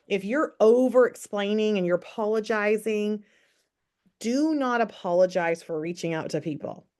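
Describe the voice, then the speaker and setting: A woman's voice: medium pitch, moderate pace, a little mellow. A woman giving a casual, upbeat sales training on a call, coaching listeners and often asking rhetorical questions. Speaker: network marketing team trainer.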